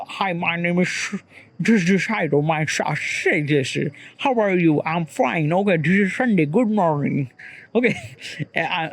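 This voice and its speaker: A man with an Indian accent, talking through ideas in an unscripted solo monologue, rambling and filling gaps with "okay, yeah". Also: fairly high pitch. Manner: rambling, constantly repeats "okay, yeah" and "kind of like"; searching for words, many restarts. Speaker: solo podcaster.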